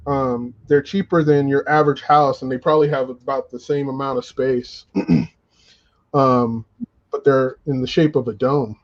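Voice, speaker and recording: A laid-back man chatting casually, laughing often and filling pauses with ums. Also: medium pitch, fairly even intonation, lo-fi sound. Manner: laid-back, laughs a lot, many fillers. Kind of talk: casual chat.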